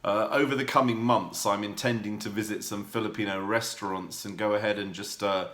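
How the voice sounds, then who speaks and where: A man talking candidly to camera in a personal vlog, rambling warmly with fillers and restarts. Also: on the low side, fairly even intonation, brisk, roomy sound. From United Kingdom. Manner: warm rambling talk with many fillers and restarts. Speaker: vlogger.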